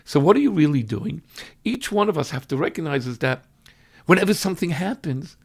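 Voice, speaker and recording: Man, rabbi giving a lesson, raspy fry, fairly high voice, dramatic. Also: animated, brisk. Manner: dramatic, swings between loud outbursts and hushed asides; acts out everyday speakers when quoting them. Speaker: rabbi teaching a weekly class. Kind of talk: animated religious teaching.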